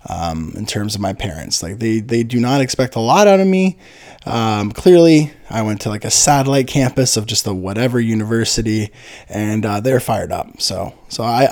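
A man's voice: lowish voice, darkish tone. A man, telling a rambling, profane comedic story full of fillers and restarts. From Niagara, Ontario, Canada. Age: 30s.

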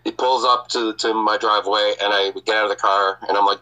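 A man's voice: on the low side, level tone, a little fast, pushed and bright, low-quality recording. A man telling a personal story casually as a podcast host, swearing often and laughing.

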